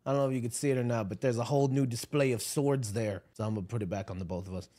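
A man's voice: medium pitch, rapid-fire, mellow. A man co-hosting a podcast in casual chat, joking and rambling with frequent restarts. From Arab background. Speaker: podcast co-host. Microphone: video camera setup at home.

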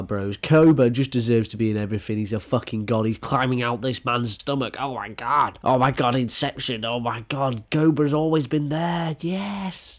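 Young British guy, excitable meme reactor, slangy and sweary, mid-range voice. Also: mid-range voice, moderate pace, hardly any pauses. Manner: excitable, slangy, swears a lot, laughs often. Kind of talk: casual reaction commentary.

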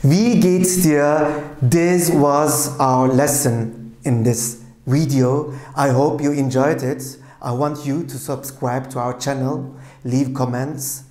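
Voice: medium pitch, steady tone, slow pace, dark tone, reverberant. A language teacher giving a patient lesson, explaining carefully and repeating each phrase several times.

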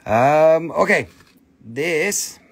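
This live-stream seller is a man whose high-leaning voice moves with lively intonation, extremely slowly and with a breathy edge. Into his phone he jokes around, bantering both with the audience and with himself during the sales pitch.

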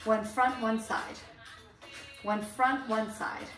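A woman's voice: on the high side, steady tone, slow pace, fairly bright tone, distant mic. A woman fitness instructor leading a band workout, counting down reps with upbeat cues and chatty asides. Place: indoor room, filmed alone. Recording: echoey room, off-mic, faint music.

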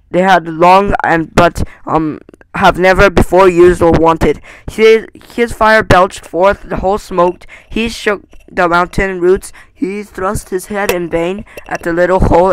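Halting high-voiced male reader. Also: background noise. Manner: halting, stumbling, many restarts. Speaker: amateur audiobook reader. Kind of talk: reading a novel aloud.

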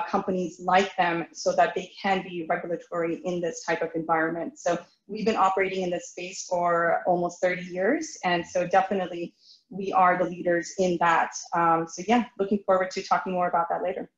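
A woman answers podcast questions in a fluent, businesslike way, starting many sentences with "so". Her voice sits somewhat low. The audio is roomy and echoey, with a dull, muffled tone. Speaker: guest, recruiting lead.

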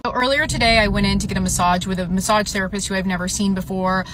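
A woman's voice: medium pitch, steady tone, quick pace, music in the background. A young woman telling an upsetting personal story in a casual storytime vlog, full of "like" fillers.

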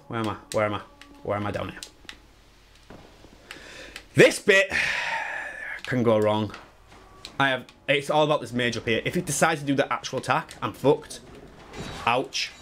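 A young man giving live, excitable, sweary commentary on his gameplay while he talks to chat. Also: mid-range voice, slight background noise. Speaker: speedrunner streamer.

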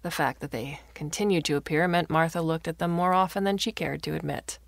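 Low, gravelly woman narrator. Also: brisk, no echo, studio quality. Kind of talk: scripted story narration.

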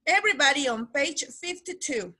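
Woman, English teacher, high voice, patient, video call. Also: expressive, bright, forceful tone. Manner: patient, explains slowly, repeats key words. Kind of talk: online class lesson.

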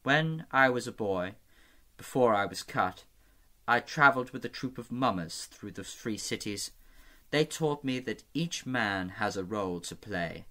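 A man reading aloud as a sly, courteous eunuch spymaster with a smooth, wry manner. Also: on the low side, fairly bright tone.

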